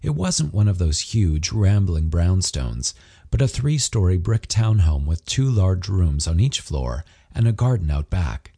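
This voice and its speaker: Deep, husky male audiobook narrator. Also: measured pace. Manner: expressive storytelling. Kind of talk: scripted narration.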